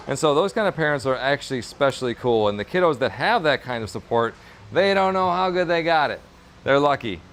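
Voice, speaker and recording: A man's voice: medium pitch, expressive, fairly quick, a bit bright, a little hiss or hum. A man chatting casually on a livestream while working on leather in his workshop, upbeat and encouraging, rambling with fillers. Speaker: streamer and leather crafter.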